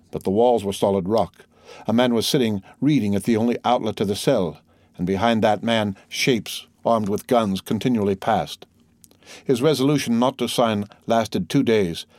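A man reading a novel aloud in a measured, even narration. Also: on the low side, no room sound. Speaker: audiobook narrator. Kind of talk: scripted narration.

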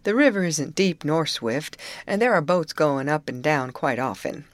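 A calm, confident male overseer of an orange grove speaks in a storybook reading, voiced by a woman narrator. He talks in a matter-of-fact, reassuring way. His voice comes close and dry. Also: sits low, normal speed, dry recording.

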